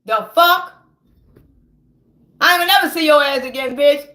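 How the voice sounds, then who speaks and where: A woman's voice: high-pitched, very fast, pushed and bright. A woman in an impassioned, profane rant, heated and preachy, stammering when she gets worked up. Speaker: vlogger.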